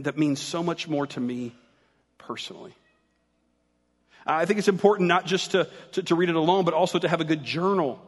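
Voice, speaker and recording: A man's voice: a little high, long reverb tail. A man preaching a sermon as pastor, talking in a casual, conversational way and joking with the congregation.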